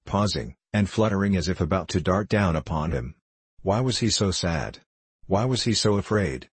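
A man narrating a storybook in a steady, measured reading. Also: deep voice, breathy edge, no echo.

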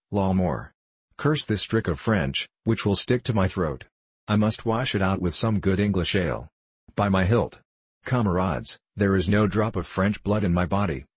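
A man's voice: deep voice, slightly rough, dry recording. A man reading the part of a hearty, swaggering English bowman fresh from the wars. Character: boisterous English bowman, middle-aged soldier fresh from war. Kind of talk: audiobook character reading.

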